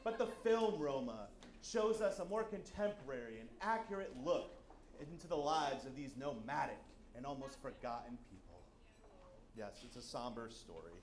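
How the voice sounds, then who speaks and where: A man doing a stand-up bit as a confidently wrong film critic, deadpan, on a stage before a live audience. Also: medium pitch, moderate pace, slight background noise. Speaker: comedian playing a film critic. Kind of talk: live sketch comedy. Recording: roomy stage sound with crowd.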